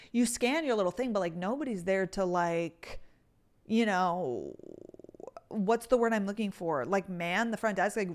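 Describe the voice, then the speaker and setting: A woman in her twenties hosting a podcast, chatting through rambling stories and saying "like" constantly. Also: medium pitch. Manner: chatty storytelling, heavy use of "like". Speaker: podcast host. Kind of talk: casual chat.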